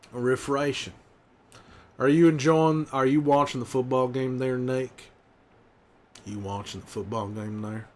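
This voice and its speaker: Gruff, wry middle-aged survivor, a man in character, teasing chat with slow, easy cursing. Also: mid-range voice, steady tone, darkish tone, a little hiss or hum, lightly acted. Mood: bantering. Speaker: streamer in character. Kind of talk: in-character livestream banter.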